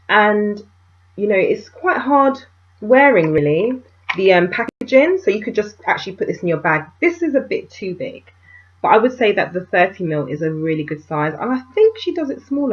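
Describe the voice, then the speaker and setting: A woman chatting to camera as a beauty vlogger, telling stories in an animated way and calling viewers darlings. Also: medium pitch. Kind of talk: casual chat to camera. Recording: dull, muffled home video sound.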